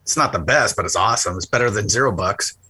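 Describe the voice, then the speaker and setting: Bright-voiced man in crude banter. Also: on the low side, fast talker, slightly rough, dry recording. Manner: rambling, laughs often, swears. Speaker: podcast co-host.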